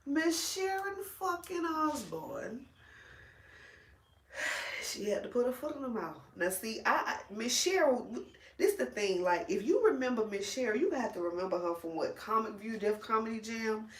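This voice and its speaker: A woman vlogger chatting casually while braiding her hair, animated, blunt and full of slang and cursing. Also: a little high, normal speed, echoey room.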